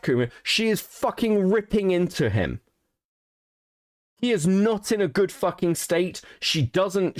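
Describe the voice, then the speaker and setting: A man's voice: on the high side, darkish tone, dry recording, clean studio sound. A man hosting a casual commentary stream, swearing and restarting as he gets worked up. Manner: heated, swearing, frequent restarts. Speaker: stream host.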